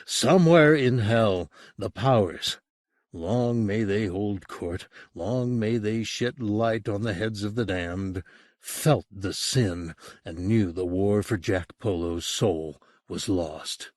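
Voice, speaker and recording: A man reading a horror audiobook as narrator, in an expressive storytelling manner. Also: lowish voice, takes it slowly, dry recording, studio quality. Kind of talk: scripted narration.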